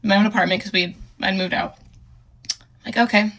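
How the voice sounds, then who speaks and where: Bright-voiced young woman, halting and earnest. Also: mid-range voice, fairly even intonation. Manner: halting, hesitant, with many fillers and restarts; emotional, earnest. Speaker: storyteller. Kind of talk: casual personal storytelling.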